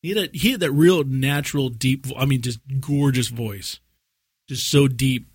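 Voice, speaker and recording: A man with a slightly husky, mid-pitched voice chats casually on a podcast, rambling through stories and laughing often. He is recorded close and dry, with no room sound. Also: moderate pace, dry recording. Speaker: podcast co-host. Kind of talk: casual chat.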